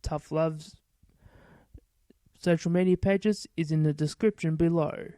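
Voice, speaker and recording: A man's voice: on the high side, fairly even intonation, measured pace, mellow, dry recording. A man hosting his own show, giving a casual, blunt wrestling review and swearing freely. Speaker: podcast host.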